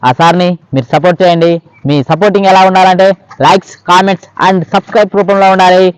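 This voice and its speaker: Fast chatty Telugu-speaking host. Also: male voice, high voice, flat delivery, smooth, rough recording. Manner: chatty, asks viewers to like and subscribe. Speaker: channel host. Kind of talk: video outro.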